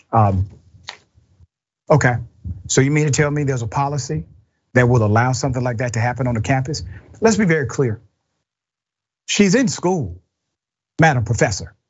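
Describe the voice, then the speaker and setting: A man's voice: mid-range voice, dull audio. A man hosting a news commentary show, speaking with indignant emphasis and addressing the person he criticizes directly. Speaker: host.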